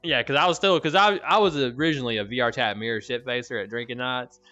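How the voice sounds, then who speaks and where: A man from Alabama with a Southern accent, chatting casually and telling stories, his voice often trailing off quietly at the ends of phrases. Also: mid-range voice, quick pace, lo-fi sound, faint music behind. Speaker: guest, VR club pole dancer. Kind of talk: casual chat.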